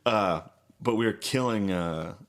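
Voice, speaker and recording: A man's voice: on the low side, unhurried. A young man co-hosting a podcast, telling crude, laid-back stories in casual chat. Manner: crude, laid-back storytelling with sudden yelled impressions. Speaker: podcast co-host.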